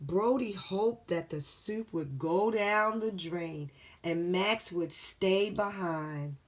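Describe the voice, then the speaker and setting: A woman reading a children's story aloud, slow and animated, pausing to ask the listener questions. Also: lowish voice. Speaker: storybook reader.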